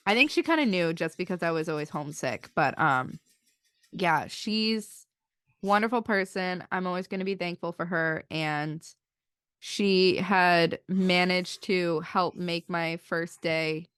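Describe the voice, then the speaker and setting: A woman's voice: fairly low pitch, fairly bright tone, clean tone, no echo, studio quality. A young woman in her twenties co-hosting a podcast, telling a personal story in a chatty way, full of "like" and acted-out quotes. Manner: chatty, many "like" fillers, acts out quotes. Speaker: podcast co-host. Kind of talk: casual storytelling chat.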